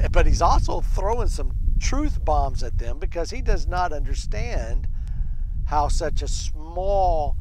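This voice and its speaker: Male Bible study teacher, conversational and animated, lively swings in pitch. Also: background noise.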